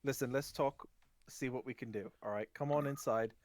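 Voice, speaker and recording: A man voicing a flashy, jewel-covered male gnome shopkeeper who banters loudly with his customers. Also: mid-range voice, normal speed, lightly acted. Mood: wheeling and dealing. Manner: loud, chummy banter full of "mate", "lads" and "oi".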